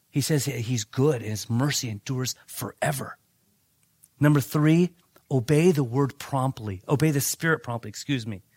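A man's voice: medium pitch, no room sound. A man preaching a sermon in a conversational way, telling personal stories and often restarting his sentences. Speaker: pastor.

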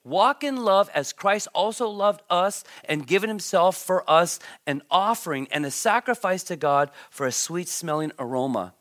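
A man preaching a sermon as a pastor, reading scripture and asking the congregation questions, with emphatic bursts and quiet asides. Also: high-pitched, lively intonation, normal speed, hardly any pauses. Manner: emphatic, swings between loud stresses and quiet asides, repeats words.

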